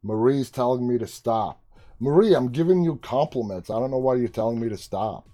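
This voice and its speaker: A man's voice: mid-range voice, lively intonation, moderate pace, warm tone. An American man hosting a live stream, chatting casually, reading out viewer comments and entertainment news, and often getting sidetracked. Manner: chatty, easily sidetracked, teasing.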